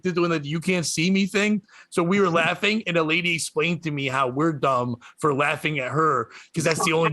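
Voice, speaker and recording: A comedian telling a story on a podcast, swearing a lot and ranting with animated energy. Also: male voice, on the high side, no echo. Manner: profane, animated rant.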